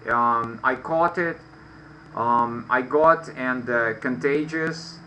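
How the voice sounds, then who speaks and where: Man, english teacher, slow speech, very bright tone, faint background noise, video call. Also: mid-range voice, low-quality recording. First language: Russian. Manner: slow, explaining patiently with many fillers. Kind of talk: online lesson.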